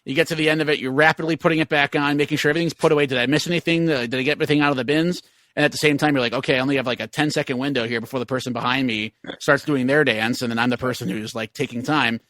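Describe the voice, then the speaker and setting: A man's voice: medium pitch, steady tone, rapid-fire, a bit bright, no room sound. A man co-hosting a casual podcast chat, telling long rambling anecdotes padded with fillers. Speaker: podcast co-host.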